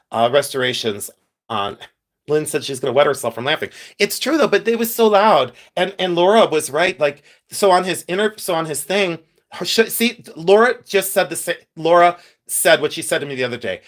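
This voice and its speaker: A man's voice: on the high side, fairly bright tone. A man hosting a casual live stream, telling stories and answering viewers' comments by name. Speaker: livestream host.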